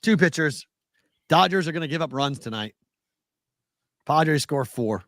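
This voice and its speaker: A man co-hosting a casual sports betting show, excitable and quick to laugh as he tells stories. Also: on the high side, no room sound, studio quality. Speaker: co-host.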